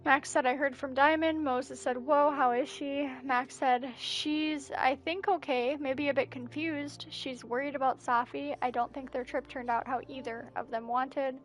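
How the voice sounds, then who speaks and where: High-voiced woman reading game messages. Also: fairly even intonation, normal speed, few pauses. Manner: reads messages aloud as narration, with breathless asides. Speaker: gameplay streamer. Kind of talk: reading game texts aloud during a playthrough.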